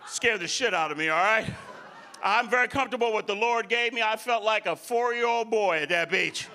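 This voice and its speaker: A man doing loud, profane stand-up comedy on a club stage and teasing the audience. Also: sits high, brisk. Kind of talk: live stand-up comedy with crowd work.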